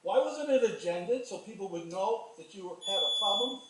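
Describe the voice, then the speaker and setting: A man's voice: high voice, lively intonation, normal speed, very noisy. A man giving a pointed, accusing public comment at a city meeting. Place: city commission meeting hall. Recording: echoey council chamber, distant mic.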